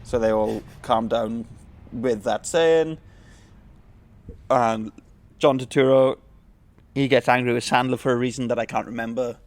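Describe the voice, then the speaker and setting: A man co-hosting a podcast, recapping a film plot in casual chat and pausing on fillers. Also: medium pitch, steady tone. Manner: hesitant, filler-heavy recapping. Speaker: podcast co-host.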